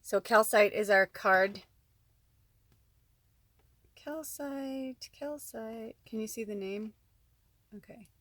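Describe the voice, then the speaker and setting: A woman's voice: on the high side, slow, long pauses, fairly bright tone, no room sound. A woman giving a casual spiritual card reading at home. She rambles in a chatty way, full of asides and "like". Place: at home indoors.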